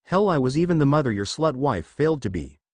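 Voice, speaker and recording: A man's voice: mid-range voice, big pitch swings, fast talker, dry recording. A man reading a fan fiction story, voicing a cruel, scornful woman ninja who sneers and growls. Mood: menacing.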